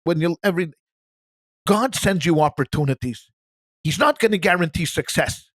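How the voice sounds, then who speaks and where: Man, rabbi, high-pitched voice, animated, stumbles over repeated words, dry close sound. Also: moderate pace, no echo. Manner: animated, repeats words while searching for them. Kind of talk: casual Bible discussion.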